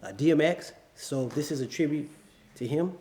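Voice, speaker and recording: A man's voice: fairly high pitch, moderate pace, a little mellow. A man performing a spoken word poem at an open mic, reciting in a solemn, rhythmic way. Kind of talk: spoken word poetry reading. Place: live venue before an audience.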